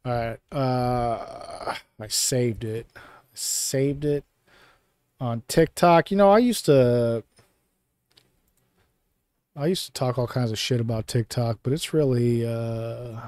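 A man of ordinary pitch co-hosting a casual podcast, rambling and joking through stories. His voice sits close on a dry mic with no room sound at all. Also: takes it slowly, pauses often, darkish tone, no room sound. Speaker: podcast co-host. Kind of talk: casual chat.

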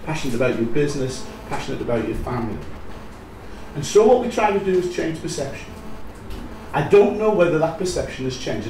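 A middle-aged man with a North East English accent from Sunderland gives a talk to a live audience, wry and animated as he tells stories. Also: on the high side. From North East England. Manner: animated storyteller with wry humour. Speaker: business leader giving a talk. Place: large echoey room at a live event. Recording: echoey room, voice from far off, faint noise.

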